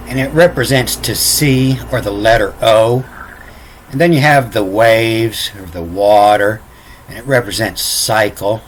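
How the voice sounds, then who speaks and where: Slow, halting man spelling out letters. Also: medium pitch, fairly bright tone, slight background noise. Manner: halting, repeats words, spells out letters one by one. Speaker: self-taught lecturer. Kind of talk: unscripted explanation of ancient letters.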